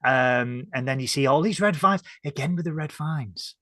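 A man's voice: medium pitch, normal speed, sharp tone, no room sound, studio quality. A man with a northern English accent co-hosting a casual review chat, talking in a chatty way with jokey asides. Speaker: podcast co-host.

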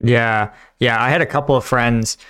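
Podcast host guy, smooth clear voice, rambles and pauses a lot. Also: mid-range voice, fairly even intonation, fairly bright tone. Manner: rambling, hesitant, many fillers. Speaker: host, combat veteran. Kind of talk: casual podcast chat.

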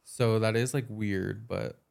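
A man's voice: fairly low pitch, fairly even intonation, slow, creaky, a little mellow. A young man co-hosting a podcast. He tells stories casually and fills them with "like" as he goes. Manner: storytelling, fillers of "like" throughout. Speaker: podcast co-host. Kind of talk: casual chat.

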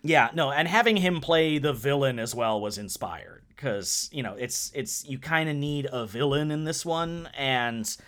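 Male podcast co-host, mid-pitch, casual and animated movie talk. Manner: animated, fast, repeats words when excited.

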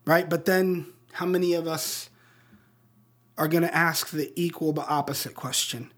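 Man, young adult, high-pitched, casual sermon, slangy, rhetorical questions. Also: steady tone, moderate pace, a bit bright. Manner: casual slangy preaching, acts out movie dialogue. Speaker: pastor.

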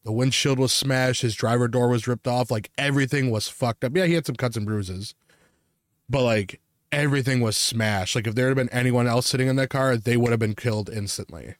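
A man's voice: mid-range voice, brisk, no echo, clean studio sound. A man, a podcast co-host, telling a personal ghost story in a casual, profane, rambling way.

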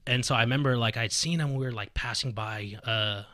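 A young man talks through a story on a podcast, fast and bright, throwing himself into the lines he quotes. The sound is dry and close, with no room around it. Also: medium pitch, dry recording. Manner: animated retelling, acts out quoted voices loudly, swears freely. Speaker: podcast guest, fighting game player. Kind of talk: casual storytelling chat.

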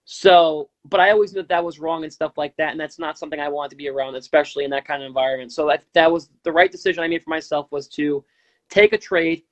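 A man's voice: a little high, fast. A man in his twenties hosting a political talk stream, rambling casually with many fillers and restarts. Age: 20s. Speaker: political talk show host. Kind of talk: casual live-stream commentary.

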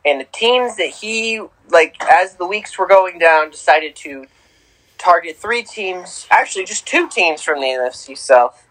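Young male sports co-host, excitable, punchy repeats, fairly high voice. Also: a little slow, poor audio. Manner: excitable, repeats himself for emphasis. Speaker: podcast co-host. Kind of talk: casual sports talk.

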